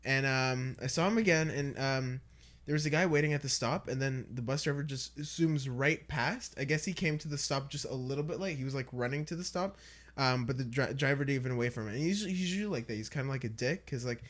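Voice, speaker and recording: Speaking briskly in a mid-range, slightly bright voice, this man hosts a relaxed podcast. His stories wander, and he keeps laughing throughout.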